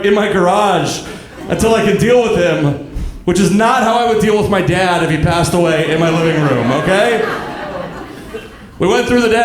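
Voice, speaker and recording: Man doing dark, deadpan stand-up. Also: sits high. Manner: deadpan, dark storytelling with crowd asides. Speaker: stand-up comedian. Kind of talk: stand-up comedy set. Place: comedy club stage, live audience. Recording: echoey club room with crowd laughter.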